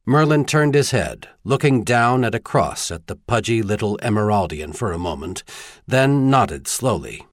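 Man, audiobook narrator, low lively voice, dry close recording. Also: normal speed, no echo. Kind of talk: scripted narration.

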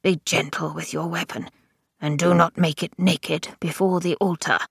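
A croaking, gravelly old marshal, as a woman narrator puts him on, stern and solemn, scolding in an old-fashioned way. His voice sits a touch lower than her own and has a rough, crackly grain. It is dry and close, as in a storybook recording. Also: flat delivery, normal speed, dry recording, full character voice. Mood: muttering. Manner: solemn, scolding, archaic speech.

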